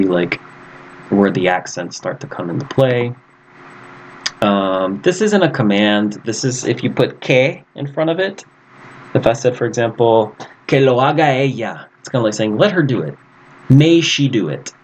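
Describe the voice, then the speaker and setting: A man teaching a recorded lesson over slides, in a casual, lively way, acting out example phrases. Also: mid-range voice, normal speed, a little hiss or hum, low-quality recording. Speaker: Spanish teacher.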